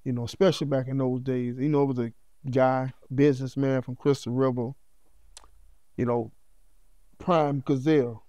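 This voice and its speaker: A man's voice: mid-range voice, fairly even intonation, normal speed, pauses often, mellow, no echo. A middle-aged man, a podcast guest, telling his life story in a heartfelt, conversational way that is peppered with "you know what I'm saying.".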